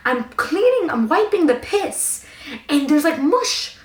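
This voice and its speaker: A young woman telling a long storytime in a casual, animated, profane, slang-heavy way. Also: high voice, takes it slowly. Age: young adult. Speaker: vlogger. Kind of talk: storytime vlog. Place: her room at home. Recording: echoey room.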